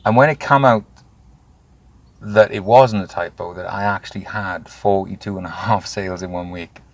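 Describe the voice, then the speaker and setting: A man, telling his own story candidly in an interview, animated and swearing freely. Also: low-pitched, moderate pace. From Wales. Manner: animated, swears freely, acts out quoted voices. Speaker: guest.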